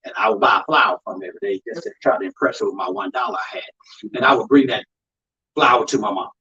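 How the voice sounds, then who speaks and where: A man's voice: lowish voice, fast, slightly rough. A man speaking as an undertaker, telling stories about grief to an audience in an emphatic, preaching style. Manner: animated, emphatic storytelling, addresses crowd as y'all. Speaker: undertaker giving a talk on grief. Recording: dull lo-fi live recording.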